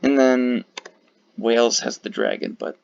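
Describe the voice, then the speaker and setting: Ranking flags, a tired man rambles along with plenty of fillers and the odd profanity. His medium-pitched, darkish voice is steady and measured with vocal fry, and the dull lo-fi mic picks up slight background noise.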